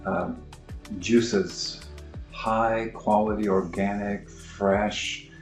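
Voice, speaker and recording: A middle-aged man explaining his clinic's approach in a halting, informal way, full of fillers and restarts. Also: on the low side, fairly even intonation. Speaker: naturopathic clinic practitioner. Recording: roomy echo with faint music.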